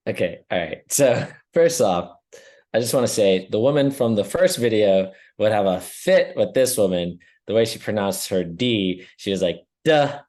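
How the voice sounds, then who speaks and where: A man's voice: fairly low pitch, expressive, moderate pace, a little mellow. A man co-hosting a podcast in casual chat, laughing often and restarting his sentences. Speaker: podcast co-host.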